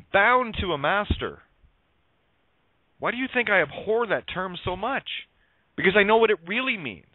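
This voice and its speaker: A man's voice: high-pitched, dry recording. A man hosting a talk radio show, delivering an emphatic, sarcastic, preachy spiritual monologue full of wordplay and swearing. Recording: tinny phone-line radio audio.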